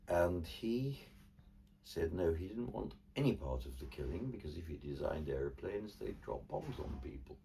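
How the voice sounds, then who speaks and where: A man's voice: a bass voice, creaky, mellow, a little hiss or hum. An older man from Cornwall, an artist and ventriloquist, telling stories in a theatrical, wry way during a casual chat. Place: indoors in his home studio. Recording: distant mic, faint room ambience.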